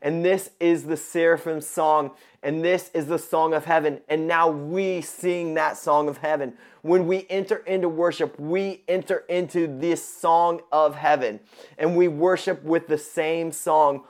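Emphatic male pastor, slightly high voice. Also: fairly even intonation, unhurried. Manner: emphatic, repeats words for stress. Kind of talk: sermon.

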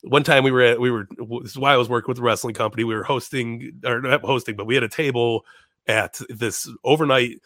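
A young man tells rambling, animated stories as a podcast guest, laughing and swearing through them. His voice sits at an ordinary middle pitch. The sound is dry and close, with no room echo. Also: fast talker. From Chicago. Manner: animated, laughing, swears often, many restarts. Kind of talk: casual storytelling chat.

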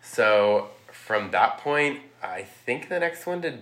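A man casually recapping a movie, rambling with lots of "like" and throwing in quick impressions of the characters. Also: mid-range voice, lively intonation, fairly bright tone. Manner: rambling, heavy use of "like", acts out quotes. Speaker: podcast guest recapping a film. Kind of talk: casual chat.

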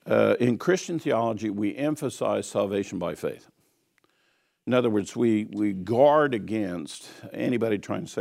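A man's voice: on the low side, moderate pace, vocal fry, a little mellow. A man giving an earnest teaching sermon on scripture, emphatic and repeating key phrases. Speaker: Bible teacher.

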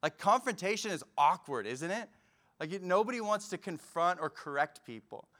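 A man preaching a sermon in a relaxed, conversational way, acting out quotes with bursts of energy. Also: high-pitched, moderate pace. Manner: conversational, animated retelling with acted-out quotes. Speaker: pastor.

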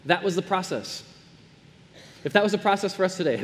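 Earnest high-voiced male pastor in a reverberant hall. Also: a little fast. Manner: earnest, swings between soft hushed lines and raised emphatic ones. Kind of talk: sermon.

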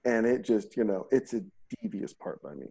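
A man's voice: lowish voice, animated, normal speed, gravelly, warm tone, husky. A middle-aged man hosting a podcast in casual chat, rambling and joking, acting out quotes and swearing freely. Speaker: podcast host.

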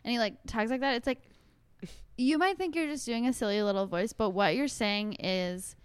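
A woman's voice: a little high, normal speed, clean tone, no echo. Blunt, profane woman podcast host. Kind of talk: casual chat.

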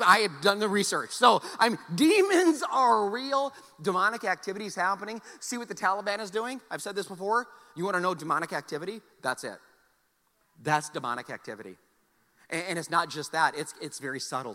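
A man's voice: sits high, lively intonation, brisk, pushed and bright, long reverb tail. A man preaching a sermon to a congregation. He talks in a conversational, joking way and often repeats words as he restarts his sentences. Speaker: pastor.

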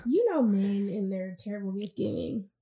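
A woman's voice: mid-range voice, lively intonation, normal speed, dark tone, breathy edge. A young adult woman hosting a casual podcast chat, upbeat and chatty, laughing often. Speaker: podcast host.

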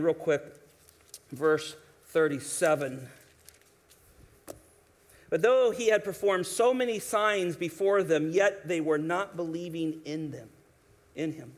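Male pastor, higher-pitched voice, lively sermon delivery with restarts. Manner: animated preaching with quoted voices and restarts.

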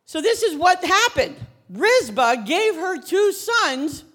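A woman pastor preaching a sermon, telling a story with lively, casual acted-out dialogue. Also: very high voice, takes it slowly. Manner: animated storytelling, acts out biblical characters in casual modern speech.

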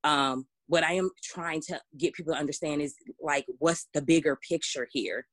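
A woman's voice: low voice, normal speed, a bit bright, dry recording. A woman, co-hosting a casual podcast discussion, talking emphatically with many restarts. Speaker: podcast co-host.

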